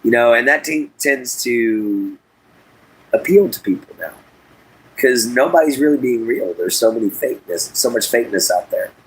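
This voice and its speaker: A man's voice: medium pitch, expressive, moderate pace, husky, low-quality recording. A man hosting a casual livestream from inside an RV, talking to his chat in a folksy, drawling way. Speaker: livestream host.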